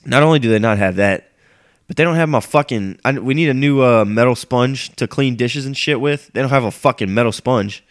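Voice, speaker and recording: A man's voice: medium pitch, brisk. A young man who is sick and sniffling, hosting a casual solo rant in a profane, griping, rambling way. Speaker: podcast host.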